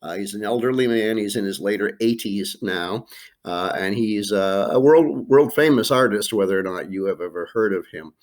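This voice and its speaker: A man's voice: on the low side, moderate pace. An American man, a Spanish teacher, talking students through a worksheet in a screencast lesson, with lots of uh fillers and Spanish phrases read aloud. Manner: plain explaining pace with frequent uh fillers, drops into Spanish phrases. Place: home or classroom with art prints behind him.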